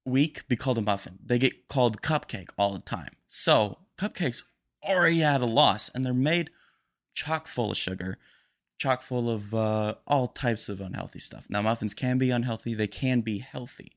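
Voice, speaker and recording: A young man hosting a casual solo podcast, rambling quickly and a little nervous. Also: mid-range voice. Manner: rambling, fast-talking and a bit nervous. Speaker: podcast host.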